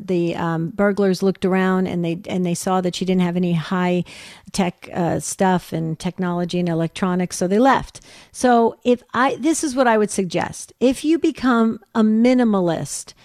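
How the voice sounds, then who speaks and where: A woman co-hosting a Catholic call-in radio show, telling stories in a chatty, rambling way with quick laughs. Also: medium pitch, a little mellow, no echo, clean studio sound.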